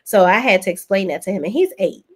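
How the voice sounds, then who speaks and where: A woman in her thirties with a lilt hosts a casual live stream. She reads viewers' comments aloud and answers them in a chatty, gossipy way, with a voice at an ordinary middle pitch. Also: lively intonation, fast talker, slightly rough. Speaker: YouTube host reading live chat.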